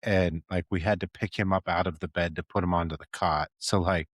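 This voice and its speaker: A man's voice: low-pitched, steady tone, fairly quick, no room sound, clean studio sound. A man hosting a podcast, chatting casually, joking, swearing freely and laughing often. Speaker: podcast host, EMT.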